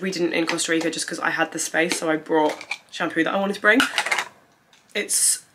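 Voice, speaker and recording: Bright-voiced chatty young woman. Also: sits low, fairly even intonation, fairly quick, far from the mic, slight background noise. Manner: chatty, rambling, lots of "like" fillers. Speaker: vlogger. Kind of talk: casual packing vlog chat.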